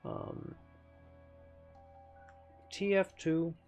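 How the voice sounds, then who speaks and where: A man's voice: fairly high pitch, flat delivery, extremely slow, darkish tone, faint music behind. A man streamer giving casual gameplay commentary in a chatty, playful way, with lots of self-correcting asides.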